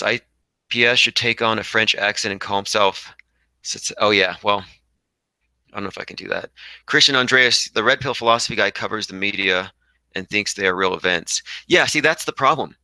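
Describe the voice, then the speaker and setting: A man's voice: on the low side, bright, forceful tone, dry recording, low-quality recording. A young man hosting a casual livestream, reading viewer comments aloud and rambling combatively. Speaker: livestream host reading chat.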